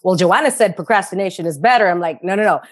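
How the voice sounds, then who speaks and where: A woman guest in a casual podcast interview, talking in an animated way and repeating phrases for emphasis. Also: fairly low pitch, quick pace.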